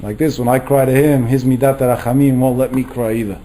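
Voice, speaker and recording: A man's voice: mid-range voice, fast talker, rough recording. A middle-aged man giving a Torah lecture as a rabbi, telling stories and acting out the voices he quotes. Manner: animated, acts out quoted voices.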